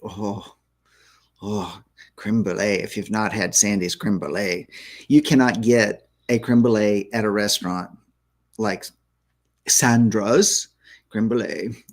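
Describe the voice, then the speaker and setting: A man hosting a faith-based talk show, chatting playfully and excitably with his co-host. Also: on the low side, takes it slowly, pauses often. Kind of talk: casual chat.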